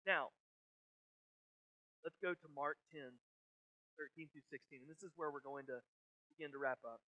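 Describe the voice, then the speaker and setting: A man in his thirties preaching a sermon, earnest, sometimes dropping very soft in prayerful moments. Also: fairly high pitch, normal speed, lo-fi sound. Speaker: pastor.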